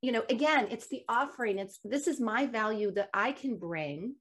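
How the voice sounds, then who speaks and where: Animated woman, higher voice. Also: moderate pace, husky. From United States. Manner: animated, emphatic storyteller. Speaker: guest. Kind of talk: casual conversation.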